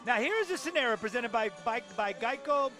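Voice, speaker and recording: A man's voice: extremely high pitch, animated, fairly quick, over music. A man doing play-by-play for a tennis broadcast, talking energetically and emphatically and sometimes restarting his sentences. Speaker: play-by-play commentator.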